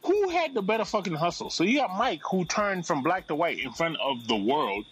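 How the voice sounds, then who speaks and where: Man podcast host, brash and profane, lively pitch, bright tense voice. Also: a little fast, husky, low-quality recording. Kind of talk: casual chat.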